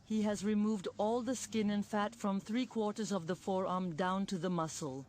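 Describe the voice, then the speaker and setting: A woman's voice: medium pitch, moderate pace, slight background noise. A woman reading a scripted documentary voice-over that describes an operation step by step. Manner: steady, descriptive narration. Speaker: documentary narrator.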